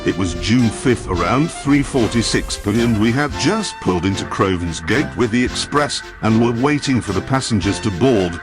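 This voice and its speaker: Grave government agent narrator, low steady voice, played by a man, over clear dramatic music. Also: natural voice. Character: grave male government agent recounting a disaster. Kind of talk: scripted narration.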